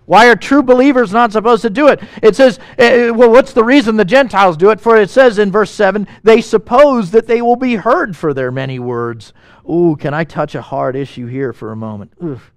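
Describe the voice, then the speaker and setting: A man preaching a sermon as pastor, animated and emphatic, asking the congregation questions and making quick asides. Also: high voice, no room sound.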